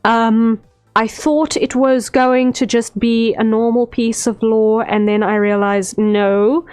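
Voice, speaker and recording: Slow, rambling woman streamer. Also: on the high side, level tone, a little mellow, clear, resonant tone. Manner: unhurried, rambling, many "um" fillers. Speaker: streamer, VTuber artist. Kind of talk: casual livestream chat while drawing. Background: faint stream music.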